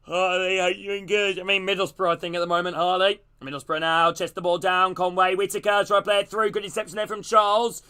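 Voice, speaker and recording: High, bright-voiced male streamer. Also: fast, few pauses, smooth. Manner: casual, greets chat between plays, gets loud and excited on attacks. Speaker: streamer hosting a match watch-along. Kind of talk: live football watch-along commentary and chat shout-outs.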